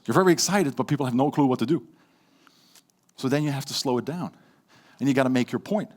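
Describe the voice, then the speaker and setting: Male speaking coach, energetic motivational delivery with sharp swings in volume. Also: mid-range voice, fast, long pauses, slightly rough. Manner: dynamic, swings between loud and quiet for effect. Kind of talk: motivational talk.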